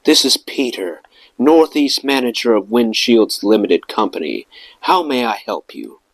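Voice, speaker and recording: Guy reading as pompous stuck-up manager dude, formal phone voice, lively ups and downs. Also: fairly low pitch, measured pace, dry recording, full character voice. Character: pompous self-important male regional manager.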